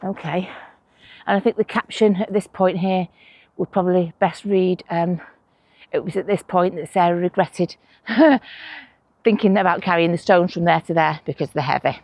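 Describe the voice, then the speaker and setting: A woman's voice: fairly low pitch, normal speed, darkish tone, no room sound. Chatty woman gardening outdoors. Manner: chatty, conspiratorial, self-mocking asides. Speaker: allotment vlogger. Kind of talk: casual chat while gardening.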